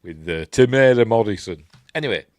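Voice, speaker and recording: Low-voiced Yorkshire man chatting about film. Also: lively intonation, fairly quick, dry recording. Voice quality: rambling, self-correcting, with chuckles and asides. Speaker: film reviewer, channel host. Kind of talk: casual film commentary.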